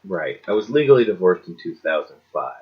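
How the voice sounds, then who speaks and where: A man's voice: deep voice, very animated, brisk, dull audio. A man co-hosting a casual podcast, telling a story in a laid-back, rambling way with blunt swearing. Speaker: podcast co-host. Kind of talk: casual chat.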